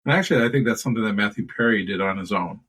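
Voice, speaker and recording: A man's voice: on the low side, rapid-fire, a bit bright, husky, rough recording. A man co-hosting a movie podcast, thoughtfully explaining film trivia in casual chat. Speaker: podcast co-host.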